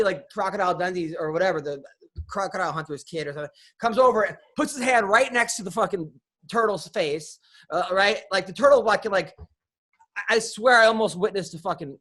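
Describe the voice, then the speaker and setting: A man with a high voice telling rambling stories on a casual comedy podcast. He swears freely and trips over his sentences as he goes. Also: a little fast, fairly bright tone. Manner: rambling storyteller, swears freely, many restarts. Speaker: podcast host.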